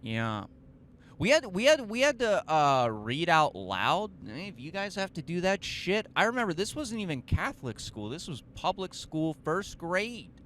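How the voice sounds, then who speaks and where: Young male podcast host, profane self-mocking storyteller; bright, tense tone, unhurried delivery, faint noise behind. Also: high-pitched, very animated. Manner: profane, self-mocking, rambling with fillers and restarts. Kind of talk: casual storytelling monologue.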